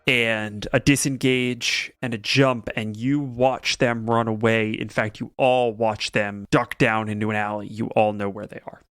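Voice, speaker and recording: A man running a tabletop game as game master, narrating the scene in a calm, measured way. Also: medium pitch, dry recording.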